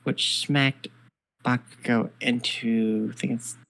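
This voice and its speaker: A man casually narrating a fan-made story with a partner, in a relaxed tone. He keeps the flow going with frequent agreeing murmurs. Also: mid-range voice, slow pace, gravelly, low-quality recording. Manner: relaxed, affirming with frequent mm-hmms.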